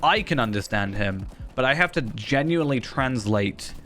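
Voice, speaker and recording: A man's voice: mid-range voice, animated, normal speed, fairly bright tone. A man chatting in a rambling, self-deprecating way while streaming a game. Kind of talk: casual gaming commentary. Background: faint game music.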